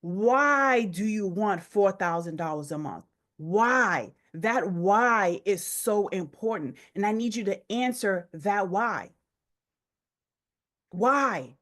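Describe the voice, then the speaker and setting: A woman's voice: medium pitch, animated, takes it slowly, fairly bright tone. A woman business coach leading a motivational session, urging listeners with emphatic repetition.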